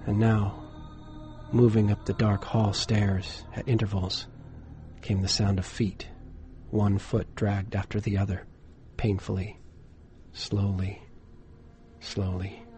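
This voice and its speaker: Male narrator for a dark tale: unhurried, lower register, measured with hushed suspense. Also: flat delivery, faint music behind. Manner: measured, dropping to a hush for suspense. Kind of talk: dramatic horror story reading.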